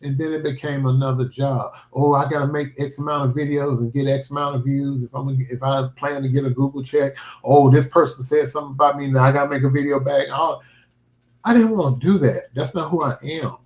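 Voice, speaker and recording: In a roomy, echoing space, a male vlogger talks on a livestream about his life and his faith, sounding earnest, emphatic and a bit like a preacher. His pitch is medium and his intonation fairly even, with a brisk pace and a slightly mellow quality. The tone is casual and heartfelt.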